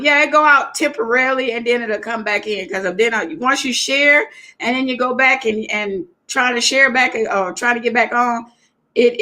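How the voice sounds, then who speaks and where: A woman's voice: a little high, sharp tone. A woman hosting a live stream, chatting casually and animatedly straight to her viewers. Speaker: livestream talk show host.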